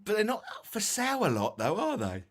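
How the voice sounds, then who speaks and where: A man's voice: high voice, huge pitch swings, a little fast. A man with an Essex accent, co-hosting a ghost-hunting talk show, chatting casually, yawning and tired, stumbling as he reads notes aloud. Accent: Essex English. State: sleepy, yawning. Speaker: podcast co-host.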